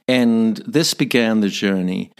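A man in his fifties with a Northern Irish accent, a podcast guest telling stories with animated delivery, often repeating words as he searches. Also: lowish voice, slow pace, smooth. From Northern Ireland. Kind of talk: storytelling interview.

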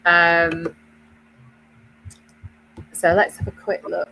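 A woman's voice: lowish voice, flat delivery, very slow, vocal fry, sharp tone, slight background noise, rough recording. A British woman co-hosting a knitting web show, chatting casually with many fillers and restarts. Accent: British English. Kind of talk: casual chat.

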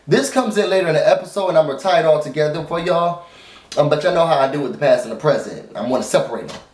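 A man talks through a TV episode in a loose, chatty way, speaking straight to his viewers. His voice sits a little high for a man. The sound bounces around a roomy space at home. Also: fast talker. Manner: informal, addresses viewers as y'all; rambling with many fillers and restarts. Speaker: TV recap vlogger. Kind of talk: casual chatty recap. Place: at home, dog nearby.

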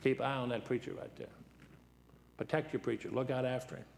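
A man's voice: medium pitch, fairly even intonation, fast, creaky. A seventy-year-old man preaching a folksy sermon in a church, joking and telling anecdotes in a worn, dried-up voice. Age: 70s. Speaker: guest preacher.

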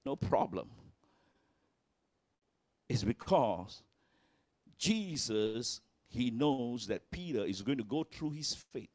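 Slow, emphatic preacher. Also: male voice, big pitch swings, a little mellow, dry recording, studio quality. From Malaysia. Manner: emphatic preaching, swinging pitch and volume, acts out quotes. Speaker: pastor. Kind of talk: sermon. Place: church.

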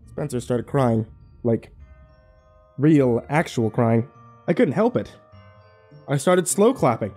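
Wry, expressive horror story narrator. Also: male voice, mid-range voice, slow pace, pauses often, husky, faint music behind. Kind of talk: first-person horror narration.

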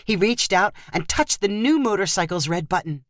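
Expressive woman narrating a short story. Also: mid-range voice, moderate pace, no room sound, studio quality. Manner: expressive storytelling, lively intonation. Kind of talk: scripted narration.

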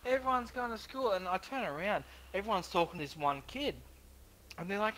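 A man's voice: high-pitched, animated, fairly quick, fairly bright tone. An Australian man in game voice chat, telling a crude, rambling story between laughs. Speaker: gamer in party chat. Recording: noisy voice chat line.

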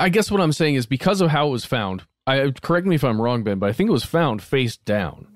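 A man's voice: medium pitch, big pitch swings, brisk, dry recording, clean studio sound. A man co-hosting a podcast, making his points in an earnest, hedging way with frequent restarts. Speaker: podcast co-host. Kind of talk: casual conversational discussion.

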